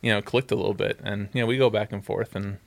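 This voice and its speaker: A man's voice: on the low side, steady tone, quick pace, vocal fry. A man in his thirties, a guest on a podcast, telling rambling stories in casual chat and laughing often. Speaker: guest, sneaker customizer.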